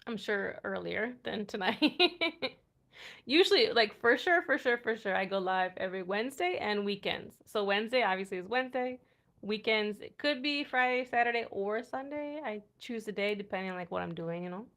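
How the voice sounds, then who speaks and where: A woman's voice: mid-range voice, expressive, moderate pace, a bit bright. An American woman hosting a casual night-time livestream from home, chatting with viewers, trying out foreign words and laughing often. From United States. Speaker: livestream host.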